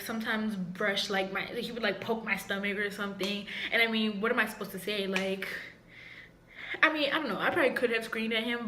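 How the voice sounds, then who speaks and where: A woman's voice: mid-range voice, pushed and bright, slight background noise. A young adult woman vlogger telling a candid storytime, speaking frankly and laughing often. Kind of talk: casual storytime. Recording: echoey room with faint ambience.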